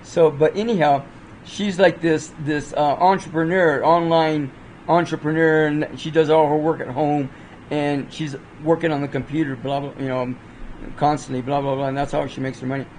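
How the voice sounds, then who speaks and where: A man with a fairly high voice chats through movie reviews in a loose, rambling way. He trips over his words, restarts sentences and fills gaps with lots of fillers. Faint ambient noise sits behind him. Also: fairly even intonation, normal speed, darkish tone, poor audio. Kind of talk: casual spoken movie review.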